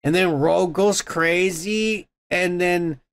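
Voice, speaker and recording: A man with a high voice hosts a casual podcast, retelling a cartoon episode in a rambling, excitable way. He swears constantly and piles on fillers as he goes. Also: slow. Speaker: podcast host.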